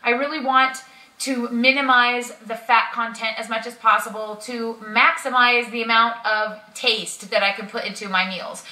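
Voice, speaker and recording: A woman talks her viewers through a plan in a relaxed, chatty way, pausing often with ums. Her voice sits a little high and sounds bright. She is a bit back from the mic in an echoey room. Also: recorded from a distance. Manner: chatty, friendly, frequent ums. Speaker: keto vlogger. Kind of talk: casual instructional talk.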